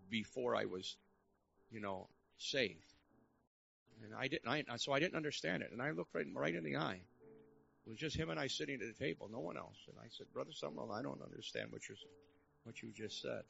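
A man's voice: medium pitch, vocal fry, a bit bright, dull audio. An older man preaching a storytelling sermon in a church service, earnest and building to fervent exhortation.

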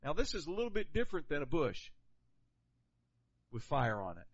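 Animated preacher, dull lo-fi sound. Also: male voice, fairly high pitch, moderate pace. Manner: animated, conversational preaching with questions to the congregation. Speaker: pastor. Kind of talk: sermon.

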